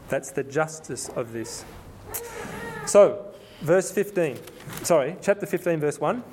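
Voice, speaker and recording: A man with a slightly raised pitch gives a conversational sermon, often restarting his sentences. He reads the scripture passages slowly and with weight. There is a faint hiss of noise under the recording. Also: expressive, a little mellow. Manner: conversational, with frequent restarts and repetitions. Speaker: preacher. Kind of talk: sermon, Bible exposition.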